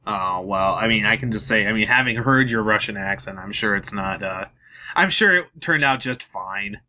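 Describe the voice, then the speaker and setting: A man's voice: lowish voice, animated, moderate pace, pushed and bright. A man hosting a podcast interview, asking long, rambling questions with a joking, chatty manner. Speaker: podcast host.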